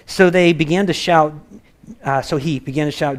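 A man giving a relaxed, chatty sermon, his voice sitting a little higher than most men's. He talks to the room like a friend and acts out quick voices for the people in his stories. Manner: conversational, animated, acts out voices in quotes. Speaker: pastor. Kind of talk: casual sermon.

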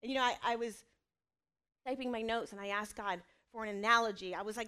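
This mother in her thirties speaks candidly and earnestly about faith and family in a personal testimony, with self-deprecating asides. Her somewhat high voice is clean, pushed, and bright, with fairly even intonation and a slightly quick pace.

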